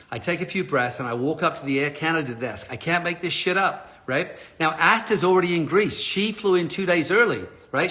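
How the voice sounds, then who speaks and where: Bright, animated male motivational speaker. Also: a little high. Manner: animated, laughing, swears casually. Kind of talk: live-stream storytelling.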